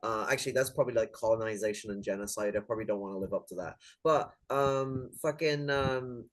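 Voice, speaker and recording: A man's voice: fairly low pitch, fairly quick, low-quality recording. A man chatting casually as host, rambling with many fillers and jokes. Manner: rambling, filler-heavy, joking. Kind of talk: casual chat.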